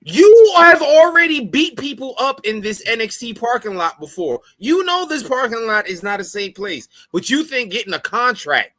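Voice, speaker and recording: Lively man recapping wrestling. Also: extremely high pitch, moderate pace, hardly any pauses. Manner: storytelling recap, profane. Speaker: podcast co-host.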